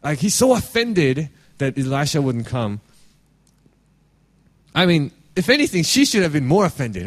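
A man's voice: on the high side, sing-song, normal speed. A man giving an earnest, conversational sermon as pastor, reading scripture and restarting his phrases often.

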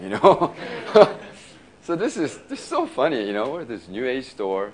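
A male pastor preaching in a casual, storytelling way, laughing often and filling his talk with "you know" and quick restarts. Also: medium pitch, big pitch swings. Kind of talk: sermon storytelling.

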